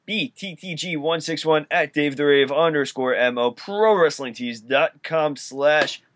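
A man's voice: a little high, measured pace, fairly bright tone. A man co-hosting a wrestling podcast, speaking in a laid-back, easygoing way and often giving short agreeing replies. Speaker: podcast co-host. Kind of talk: casual wrestling podcast chat.

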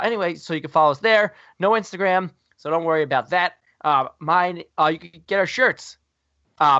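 A man's voice: fairly high pitch, pushed and bright, no echo. A man hosting a podcast in casual chat, rambling and jokey with lots of fillers. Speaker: podcast host. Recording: dry, dull lo-fi recording.

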